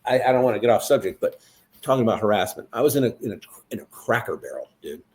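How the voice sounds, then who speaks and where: Lively, animated man telling stories. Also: fairly low pitch, quick pace. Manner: animated storyteller, swears freely, acts out quotes. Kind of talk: casual political chat.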